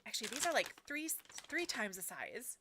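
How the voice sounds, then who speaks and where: A woman's voice: on the high side, very animated, moderate pace, noisy background. A woman streaming casually, chatting and giggling while she sorts seeds and talks sweetly to her dog. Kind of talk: casual live-stream chat.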